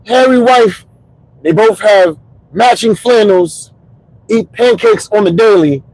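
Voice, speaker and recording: Commuting home in his car, a comedian and podcast host in his forties works through an animated stand-up monologue, his voice sitting high for a man. Sudden shouts land each punchline. The audio is dry and close but poor in quality.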